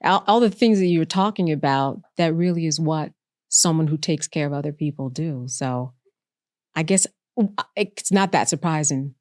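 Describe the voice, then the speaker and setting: A woman's voice: low-pitched, moderate pace, a little mellow, dry recording, clean studio sound. A woman co-hosting a podcast, speaking in a reflective, affirming way to her guest. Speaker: podcast co-host. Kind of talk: casual chat.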